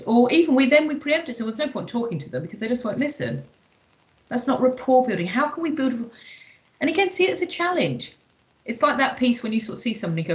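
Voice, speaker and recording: A woman's voice: fairly high pitch, big pitch swings, brisk, rough recording. A woman leading an online workshop, chatty and emphatic, with lots of "you know" fillers. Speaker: workshop trainer.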